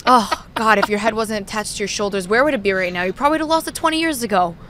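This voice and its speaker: A woman imitating her loud, scolding middle-aged mother in a shrill, theatrical way. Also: very fast, very noisy, natural voice.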